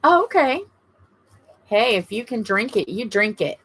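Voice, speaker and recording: A woman's voice: a little high, sing-song, a little slow, a bit bright, slight background noise. A middle-aged woman with a Southern US accent, hosting a casual livestream and chatting in a rambling, gushing way with her viewers. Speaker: livestream host. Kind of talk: casual live-stream chat to viewers.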